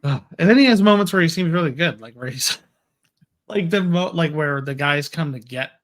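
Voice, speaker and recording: A man's voice: on the high side, lively intonation, moderate pace, fairly bright tone. A man co-hosting a casual movie podcast, chatty and enthusiastic, laughing often. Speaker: podcast co-host.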